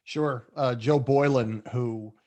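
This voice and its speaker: Radio host guy on a podcast, relaxed and friendly. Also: medium pitch, slow pace. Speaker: sports radio host, guest. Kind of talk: podcast interview.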